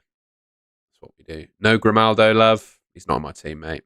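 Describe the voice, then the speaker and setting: A young man talks through fantasy football picks on a live stream, chatty and relaxed as he answers his viewers. His voice sits fairly low and the studio mic sound is dry and close, with little room around it. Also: a little slow, smooth, no room sound. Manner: chatty, answers chat messages. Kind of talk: casual live-stream commentary. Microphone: studio microphone on stand.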